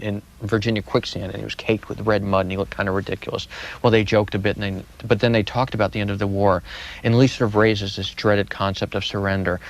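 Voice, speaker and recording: A man answering interview questions as a guest historian, telling history with vivid, dramatic repetition. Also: fairly low pitch.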